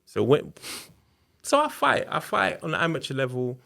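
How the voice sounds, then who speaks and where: A man's voice: a little high, huge pitch swings, moderate pace, creaky, bright, forceful tone. A man, telling a personal story in a candid, conversational way as a podcast guest. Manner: candid, conversational, re-enacts quotes. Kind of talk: casual storytelling interview.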